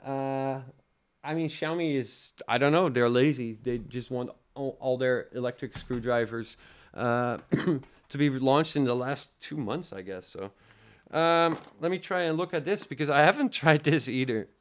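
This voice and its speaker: A young man from the Netherlands, with a faint Dutch accent, hosts a tech livestream, reviewing a product live and chatting casually with viewers. His voice sits in the mid-range and moves at a measured pace. He rambles along with plenty of fillers.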